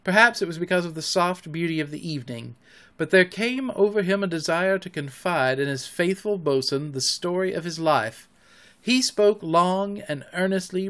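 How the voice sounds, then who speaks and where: A man narrating a children's classic in an audiobook, with an expressive storybook reading. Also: a little high.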